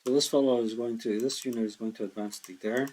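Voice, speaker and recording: A tired man thinking aloud in a slow mutter as he plays a board wargame solo, counting hexes and working out dice rolls. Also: mid-range voice, fairly even intonation, a little mellow, rough recording. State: tired, yawning.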